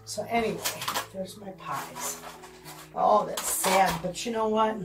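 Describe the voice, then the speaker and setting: A woman's voice: medium pitch, measured pace, over loud music. An older woman vlogging casually from her home kitchen, chatting to her viewers as friends. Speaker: homestead vlogger.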